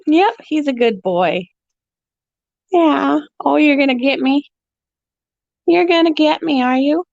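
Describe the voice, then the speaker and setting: A woman's voice: sits high, slow pace, vocal fry, a little mellow, no echo. A woman talking baby talk to her pets, cooing in a sing-song way as she hosts her pet vlog at home. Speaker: pet channel host. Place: indoors at home among animal cages. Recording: dull lo-fi, dry sound.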